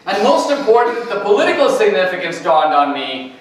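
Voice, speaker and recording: A man's voice: sits high, very animated, fairly quick, a little hiss or hum. A man giving a campus talk as a guest speaker, telling anecdotes and acting out dialogue. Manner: anecdotal storytelling, quoting dialogue. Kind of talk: campus lecture. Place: university lecture hall. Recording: echoey hall, distant mic.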